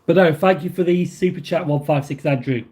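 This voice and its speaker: Mellow-voiced man chatting on a livestream. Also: fairly high pitch, brisk. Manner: reads viewer messages aloud and answers them; rambling, with many fillers and restarts. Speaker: livestream host. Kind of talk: casual livestream chat.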